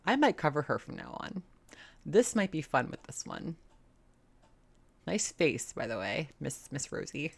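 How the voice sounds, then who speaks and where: A woman's voice: deep voice, big pitch swings, measured pace, vocal fry, pauses often, slight background noise. A woman hosting a reaction video, talking bluntly and sarcastically and swearing often. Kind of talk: casual commentary.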